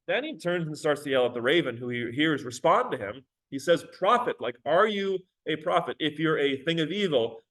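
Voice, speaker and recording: A man's voice: on the high side, rough recording. A male teacher giving a recorded lecture on a poem, talking casually with many fillers and reading verse aloud with drama.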